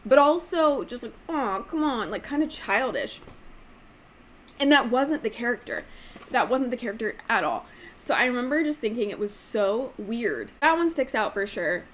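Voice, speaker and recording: Chatty woman with a high voice. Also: big pitch swings, moderate pace, fairly bright tone, slight background noise. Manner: chatty, emphatic, frequent "like" fillers; demonstrates voices with sudden pitch jumps. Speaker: book channel host. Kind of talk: casual opinion vlog.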